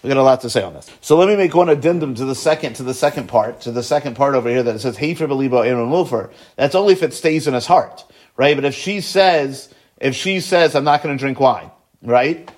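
A man teaching a Talmud lesson, slowly chanting Aramaic phrases and then explaining them quickly in English, checking in with "right?" and "okay?". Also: mid-range voice, lively intonation, a little mellow. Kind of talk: Talmud study lecture.

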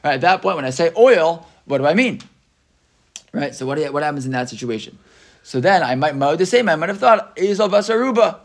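A man's voice: fairly high pitch, lively intonation, a little fast. A middle-aged man teaching a Talmud class in a conversational way. He reads out Hebrew text, explains it in English, and keeps checking with his students. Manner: conversational, often asks "right?". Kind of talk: classroom lecture.

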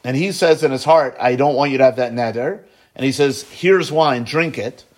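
A man teaching a Talmud lesson, slowly chanting Aramaic phrases and then explaining them quickly in English, checking in with "right?" and "okay?". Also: medium pitch. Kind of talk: Talmud study lecture.

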